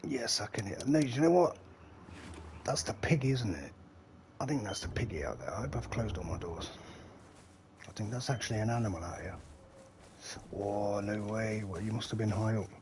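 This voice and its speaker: Middle-aged man, low voice, rambling live-stream gamer chat with casual swearing, faint ambience behind him. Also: normal speed, pauses often, background noise. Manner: rambling and chatty, swears freely, talks to the chat.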